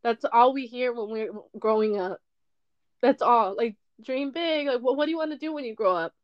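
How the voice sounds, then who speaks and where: A young woman tells her own story into a dull, lo-fi mic, her voice a little high and often close to tears. She talks candidly and emotionally, swearing freely as she goes. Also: moderate pace. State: tearful. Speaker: podcaster. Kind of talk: personal storytelling monologue.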